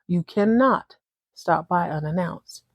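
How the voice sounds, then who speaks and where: A woman's voice: on the low side, takes it slowly, no echo, studio quality. A woman voicing an annoyed woman firmly setting rules. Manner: firm, scolding.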